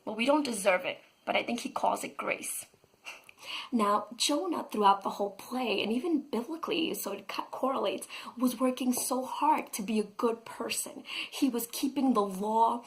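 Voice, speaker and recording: A woman's voice: on the high side, normal speed, low-quality recording. Earnest woman sharing a faith lesson. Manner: earnest, enthusiastic, acts out quotes. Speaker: vlogger and teacher. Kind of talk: casual devotional vlog talk.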